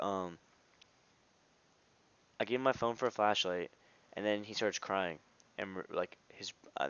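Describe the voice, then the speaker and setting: A man's voice: fairly low pitch, fairly bright tone, clear, resonant tone, no echo, highs cut off. A young man telling a casual story on his vlog, rambling and slangy, with lots of "like" and restarts. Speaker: vlogger.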